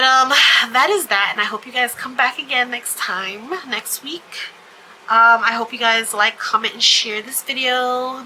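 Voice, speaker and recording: A woman's voice: on the high side, pushed and bright, a little hiss or hum, poor audio. A woman hosting her own vlog, chatting casually to camera and telling stories with lots of fillers. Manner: chatty storytelling with frequent fillers and laughs. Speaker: vlog host.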